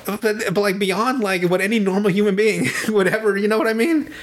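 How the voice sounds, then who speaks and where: A man with a fairly high voice chats casually as a podcast host, recounting film scenes with a lot of swearing and frequent laughter. He talks over an online call from home. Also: a little fast, a little hiss or hum. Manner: animated, profane storytelling with frequent laughter. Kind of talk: casual chat.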